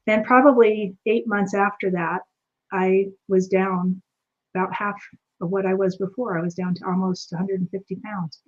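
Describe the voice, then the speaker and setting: A woman guest tells a personal story with lively energy and acts out each line of dialogue. Her voice sits at a middle pitch. The audio is a little dull and lo-fi. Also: moderate pace. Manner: animated, acts out quoted dialogue. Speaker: returning guest.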